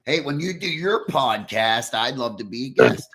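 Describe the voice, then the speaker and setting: A man's voice: medium pitch, animated, normal speed, fairly bright tone. Enthusiastic man hosting a podcast. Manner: enthusiastic, laughing, casual. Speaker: host. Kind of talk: casual podcast chat.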